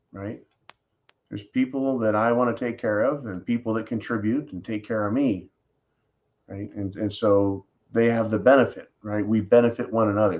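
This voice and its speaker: A man hosting an opinion commentary monologue, sarcastic and blunt, often tossing in "right?". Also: medium pitch. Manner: sarcastic, keeps asking "right?". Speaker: host.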